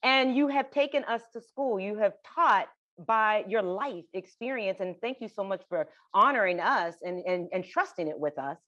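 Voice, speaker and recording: A woman's voice: mid-range voice, animated, moderate pace, few pauses, highs cut off. A woman law lecturer moderating an on-stage interview, chiming in conversationally and steering toward audience questions. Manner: warm affirmations, easy conversational interjections. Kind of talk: hosting an interview and Q&A.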